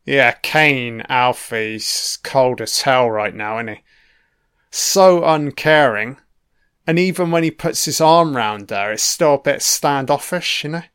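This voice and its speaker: A man's voice: mid-range voice, takes it slowly, fairly bright tone, clear, resonant tone. A young man giving casual, wry film commentary, swearing freely as he reacts to the scenes. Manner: profane, wry running remarks.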